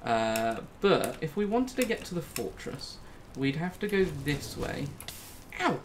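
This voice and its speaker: A man talks through his gameplay in a lively, bouncing voice that jumps up into squeals when he gets startled. He is slow and unhurried between the jokes, and he talks himself through each move. Faint keyboard clicks and a little noise sit behind him. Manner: jokey, self-narrating, swings into high squeals when startled. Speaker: gaming YouTuber. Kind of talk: casual gameplay commentary.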